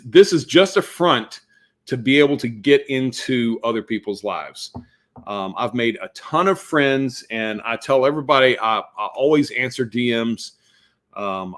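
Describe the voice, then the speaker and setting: A man talks loosely to his live-stream audience at home. He rambles, circles back and repeats phrases, warm and effusive. His voice sits at an ordinary middle pitch. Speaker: fragrance influencer streaming live. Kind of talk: casual live-stream chat to viewers. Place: home room lined with fragrance bottles.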